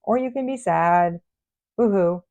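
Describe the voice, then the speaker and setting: A woman's voice: lowish voice, animated, moderate pace, gravelly, mellow, lo-fi sound. A woman doing a casual tarot reading for her viewers, chatty and playful, teasing them with mock scolding. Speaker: tarot reader.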